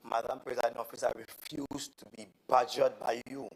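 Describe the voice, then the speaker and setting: A man's voice: medium pitch, flat delivery, a little fast, big-room sound, low-quality recording. A man with a Tobagonian accent, an assemblyman arguing emphatically and repeating himself in a parliamentary debate. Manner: indignant, emphatic, repetitive. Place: legislative assembly chamber.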